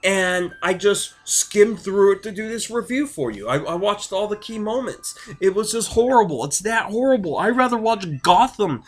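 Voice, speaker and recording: A man's voice: sits high, expressive, moderate pace, few pauses. A man delivering a heated, rambling vlog rant with emphatic, profane outbursts. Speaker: wrestling vlogger. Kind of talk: ranting vlog.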